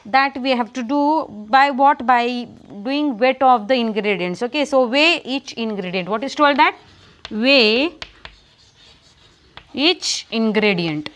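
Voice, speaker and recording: Marathi-accented lady teacher, high voice, keeps asking "what we have to do?", spells words out. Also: a bit bright. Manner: repetitive questioning, spells words aloud. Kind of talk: classroom lesson.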